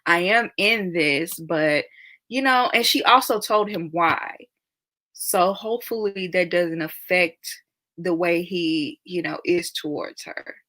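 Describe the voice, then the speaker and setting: A woman's voice: on the low side, slow pace, sharp tone. A young woman hosting a casual live stream, chatting and reacting to viewer comments with frequent laughter.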